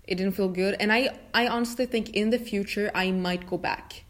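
A woman's voice: mid-range voice, moderate pace. Rambling young woman. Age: young adult. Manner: relaxed, rambling speaker with frequent fillers and restarts. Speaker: podcast host. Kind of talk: casual chat.

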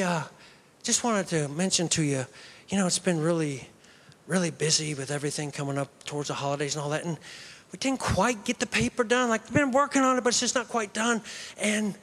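A man's voice: a bit bright, long reverb tail. A man putting on whiny, begging college students. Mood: sheepish. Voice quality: high whiny pleading voice.

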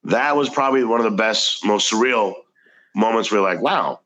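A man's voice: lowish voice, normal speed, a bit bright, low-quality recording. A man, a comedian guest, telling casual anecdotes in a chatty, rambling way. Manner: chatty, anecdotal, frequent restarts. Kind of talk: casual storytelling.

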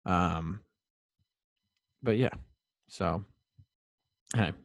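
Out of breath after climbing stairs, a young man rambles through the end of his solo sports podcast, heavy on fillers and poking fun at himself. He speaks in a low voice with drawn-out words, and there's no room sound.

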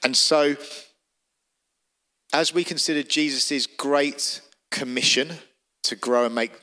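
Bright-voiced preacher. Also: male voice, medium pitch, takes it slowly. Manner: vivid storytelling, emphatic. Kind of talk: sermon.

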